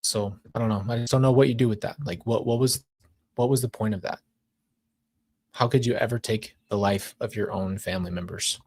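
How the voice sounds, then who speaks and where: A man's voice: fairly low pitch, steady tone, a little fast, darkish tone, breathy edge, no echo. A man reacting live to court testimony in a casual, emotional, rambling way, often repeating himself and searching for words. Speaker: commentary streamer.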